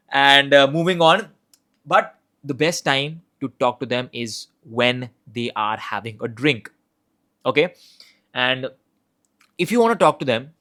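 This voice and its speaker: A young man with a slightly high voice coaching people on conversation. He talks loosely and plainly, repeating words and restarting phrases as he works through his points. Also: fairly bright tone. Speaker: communication coach. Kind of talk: casual instructional talk.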